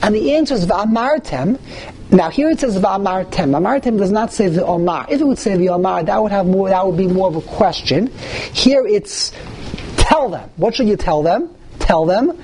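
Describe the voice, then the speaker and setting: A man teaching a text-study class, animated, mixing Hebrew and Yiddish terms into his English and jumping up in pitch to stress points. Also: normal speed, a little hiss or hum, poor audio. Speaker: Torah teacher.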